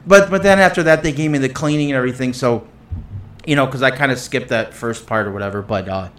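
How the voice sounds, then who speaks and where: A man's voice: fast talker, a bit bright, a little hiss or hum. A man co-hosting a podcast in casual chat, telling stories in a rambling way with lots of fillers and restarts, getting exasperated. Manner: exasperated, jumps up in pitch when worked up. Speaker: podcast co-host.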